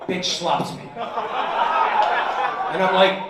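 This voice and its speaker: A man's voice: fairly high pitch, fairly even intonation, takes it slowly, pauses often, heavy background noise. A British man in his twenties doing a profane, brash stand-up set, acting out the dialogue in his stories. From United Kingdom. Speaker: stand-up comedian. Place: comedy bar showcase, indoors. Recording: distant mic, heavy room echo, audience laughter.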